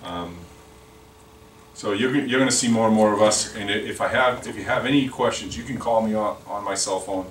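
A sales rep with a lowish voice speaks briskly while running a product training over lunch in a meeting room. He rambles, often repeating words and restarting. The recording is far off and echoey, with faint noise.

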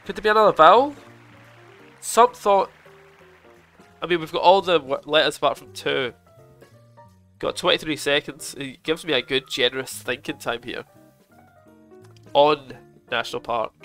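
Excitable swearing streamer. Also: male voice, on the high side, normal speed, pauses often. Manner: excitable, swears, chats with viewers. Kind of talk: casual live gaming commentary. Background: game music.

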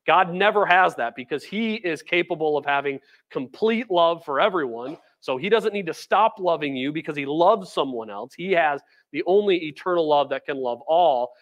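Man, preacher, sermon, earnest and emphatic, conversational asides, fairly high voice. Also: fairly bright tone. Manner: conversational, with fillers and repeated phrases. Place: church food pantry.

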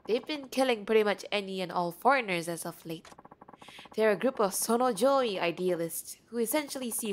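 A woman's voice: medium pitch, a little hiss or hum, close to an everyday voice. Woman reading a worried young student. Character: worried young student warning his teacher.

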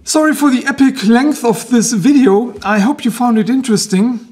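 A man with a German accent narrates a scripted review in a measured, lecture-like way. His voice sits high for a man, and he explains each point patiently and carefully. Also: a little mellow, slight background noise. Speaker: knife reviewer and video host.

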